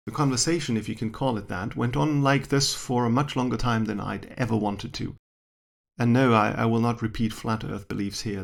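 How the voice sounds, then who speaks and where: A man's voice: medium pitch, gravelly, slightly rough. A man who works as a science educator, reading his own short story aloud in a dry, wry first-person manner.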